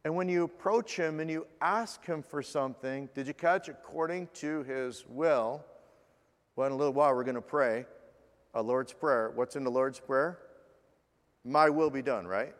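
A man preaching a sermon as pastor, earnest, slowing down for scripture and dropping to a hush in prayer. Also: mid-range voice, in a large hall.

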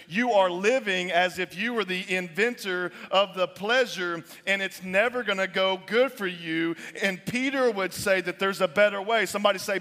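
A young adult man preaching a sermon as pastor, animated, sometimes dropping his voice low for emphasis. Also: normal speed, few pauses. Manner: animated preaching, drops to near-whispers for emphasis. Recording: long reverb of a large hall.

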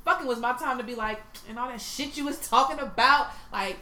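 A woman rattles off brash, outspoken talk at a fast clip in a loose podcast chat. Her voice is a bit high. The room is echoey with faint noise behind her. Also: bright, forceful tone. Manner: brash, self-described shit talker. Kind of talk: casual chat.

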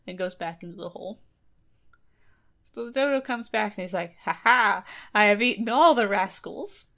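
A woman casually retelling a folktale on a podcast, chatty and laughing, briefly acting out the characters' lines. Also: lowish voice.

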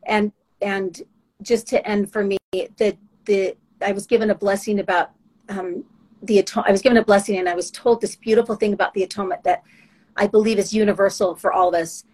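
A woman giving a heartfelt, earnest faith testimony, emotional and halting with restarts. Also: medium pitch, steady tone, a little mellow, poor audio. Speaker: guest sharing faith testimony.

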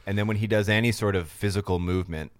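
A man's voice: fairly low pitch, fairly even intonation, fast talker, no echo. A man co-hosting a podcast, trading sarcastic, profane jokes in casual banter. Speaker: podcast co-host.

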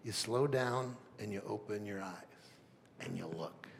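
A man preaching a sermon as pastor, swinging from loud emphatic peaks to soft near-whispers, with rhetorical questions and stammered restarts. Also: lowish voice, unhurried, gravelly, background noise. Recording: long reverb of a large hall.

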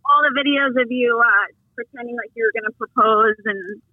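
A woman's voice: on the high side, a little fast, breathy edge, dry recording. A woman nurse from Long Island with a Long Island accent, calling in and chatting in a friendly, chatty way with easy laughs. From Long Island, New York. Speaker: caller, nurse. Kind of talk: casual call-in chat. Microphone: phone call. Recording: tinny phone line.

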